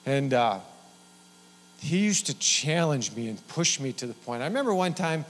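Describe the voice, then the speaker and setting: A man's voice: on the high side, big pitch swings, moderate pace. A middle-aged man preaching a sermon in a folksy, rambling way, with many restarts. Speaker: pastor. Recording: long hall reverb.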